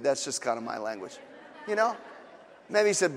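Pastor guy with a high voice preaching, chatty and emphatic, lots of hall echo. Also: sing-song, fast, fairly bright tone. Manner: conversational, emphatic preaching with rhetorical asides. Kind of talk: sermon.

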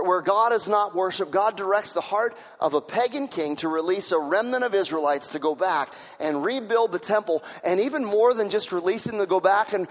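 High-voiced man preaching in a reverberant hall. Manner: repetitive, emphatic preaching, building to shouts. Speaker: pastor. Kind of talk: sermon.

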